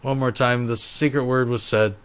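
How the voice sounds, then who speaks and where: A man hosts a livestream commentary show with loud, mock-dramatic announcements. His voice is mid-pitched and fairly plain. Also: fairly even intonation, moderate pace, smooth. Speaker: host.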